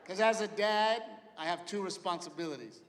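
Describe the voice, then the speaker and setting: A middle-aged man doing a stand-up comedy routine, animated storytelling that acts out his family members. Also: high voice, moderate pace. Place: large theater with live audience. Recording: live venue reverb, audience noise.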